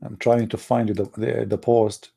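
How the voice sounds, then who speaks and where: A man hosting his channel in polemical talk, slow, emphatic and scornful. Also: fairly low pitch, little pitch movement, creaky, mellow, slightly rough. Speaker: channel host.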